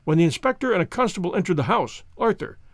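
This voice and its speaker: A man reading a classic story aloud as audiobook narration, in a lively, dramatic manner. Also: high voice, fast, vocal fry, no echo, clean studio sound. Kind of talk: audiobook narration with character voices.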